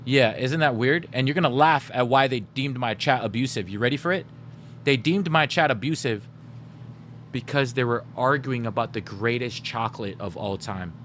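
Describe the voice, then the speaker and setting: A man's voice: medium pitch, fairly bright tone, slight background noise. A man streaming live, chatting casually with his viewers and telling stories straight to chat. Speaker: gaming livestreamer.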